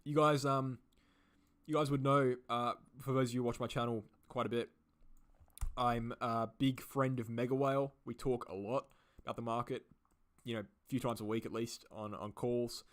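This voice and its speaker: A man's voice: medium pitch, level tone, normal speed, fairly bright tone. An Australian man hosting a live stream, answering viewer questions in a rambling way, full of fillers and repeated phrases. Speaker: crypto channel host.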